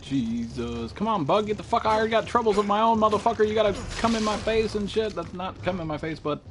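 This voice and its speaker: A man's voice: high-pitched, animated, quick pace, background noise. Man screaming through a horror game. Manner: panicked yelling and heavy swearing. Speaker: gamer streamer. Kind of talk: horror game live commentary. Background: game music and sound effects.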